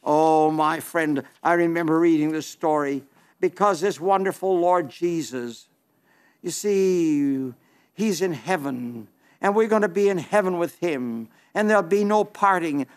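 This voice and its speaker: A man preaching a sermon in an earnest, pleading way, drawing out his emphases slowly. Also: on the high side.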